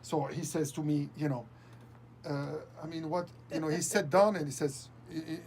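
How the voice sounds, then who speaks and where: A man as an interview guest, telling a story with lots of laughter and halting restarts. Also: fairly high pitch, steady tone, darkish tone, a little hiss or hum. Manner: laughs often, halting restarts, acts out quoted dialogue. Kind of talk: animated storytelling anecdote.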